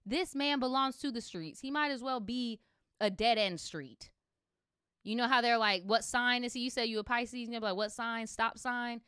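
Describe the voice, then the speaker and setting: A woman's voice: a little high, moderate pace, pushed and bright, clean tone, dry recording, clean studio sound. A young adult woman streaming, reading viewer stories aloud and reacting with sassy, slangy, profane commentary. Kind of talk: livestream story reading with commentary.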